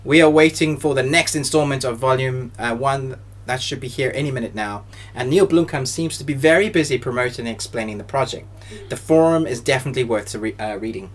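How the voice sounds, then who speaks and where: A man co-hosting a casual online show, reading notes in a relaxed, playful way. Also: mid-range voice, a little fast. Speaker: co-host. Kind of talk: casual chat, partly read script.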